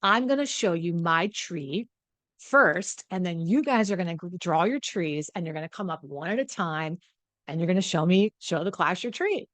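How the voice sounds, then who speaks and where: A woman's voice: on the low side, animated, moderate pace, dry recording, natural voice. A woman voicing a prim woman schoolteacher who sticks rigidly to the rules, in a sing-song classroom manner. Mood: chirpy.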